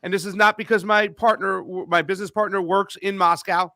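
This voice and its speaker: A man's voice: sits high, fairly even intonation, fairly quick, bright, forceful tone, no room sound, clean studio sound. A man co-hosting a political talk show, casual and opinionated.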